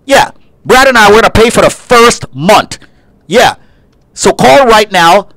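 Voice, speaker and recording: A man co-hosting a radio talk show, teasing his partner and delivering punchy salesman-style pitches. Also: animated, measured pace, vocal fry, a bit bright, no room sound, rough recording.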